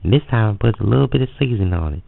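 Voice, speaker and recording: A man's voice: on the low side, animated, racing, gravelly, no echo, exaggerated voice. A man putting on a bossy Southern uncle. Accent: put-on Southern US. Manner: scolding, bossy, calls the kid "boy". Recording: phone-like lo-fi audio.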